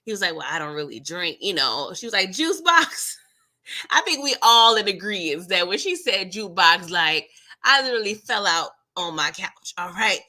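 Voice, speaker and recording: A woman hosting a casual TV episode recap, playful and animated, laughing often and acting out the characters' lines. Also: fairly low pitch, brisk. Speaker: TV recap host.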